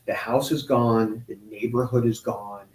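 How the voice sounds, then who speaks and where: A man's voice: medium pitch, fairly even intonation. Guy in his 40s telling his story, lots of restarts, kinda echoey room. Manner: halting, with many restarts and pauses. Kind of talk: emotional personal account in an interview. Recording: roomy echo.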